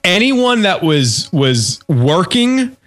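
A man co-hosting a comedic radio talk show, telling a story in halting, rambling casual banter. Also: sits high, big pitch swings, a bit bright. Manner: rambling, halting, self-mocking.

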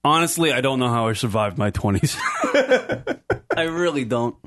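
A man's voice: mid-range voice, huge pitch swings, a little slow, a bit bright. A man, co-hosting a casual podcast and telling a profane, rambling story with frequent laughs. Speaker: podcast co-host. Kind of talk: casual chat.

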